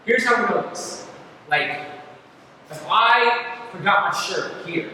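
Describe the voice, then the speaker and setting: A man's voice: high voice, lively intonation, slow pace, bright, forceful tone. A man leading a casual Bible study for a church youth group, chatty and rambling, with many fillers and asides to his listeners. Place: church hall. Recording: echoey hall from far off, noisy.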